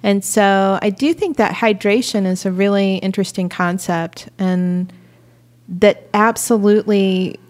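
A woman talks about faith in a lively, storytelling way, her pitch sitting in an ordinary middle range. She tells her stories with energy and laughter. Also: unhurried. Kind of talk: faith-based conversation.

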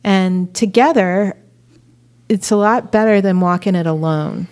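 A woman talks about faith in a lively, storytelling way, her pitch sitting in an ordinary middle range. She tells her stories with energy and laughter. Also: unhurried. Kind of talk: faith-based conversation.

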